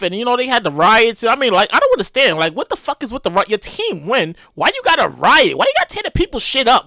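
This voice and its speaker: A woman hosting a podcast, ranting casually about the news, animated and profane with loud exclamations. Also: mid-range voice, no echo, clean studio sound. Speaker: podcast host. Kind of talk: casual comedic news rant.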